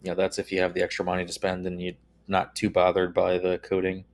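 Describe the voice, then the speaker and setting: Measured low-voiced man, flat delivery. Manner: measured, hesitant with many "uh" and "um". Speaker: guest TV calibration expert. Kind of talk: casual livestream chat.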